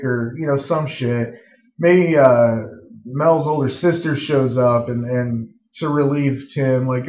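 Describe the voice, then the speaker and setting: A man casually pitching a film scene, rambling with lots of fillers and some swearing. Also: steady tone, a little slow. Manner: rambling, full of "like" and "uh", profane. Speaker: screenwriter pitching a story. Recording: roomy, dull lo-fi recording.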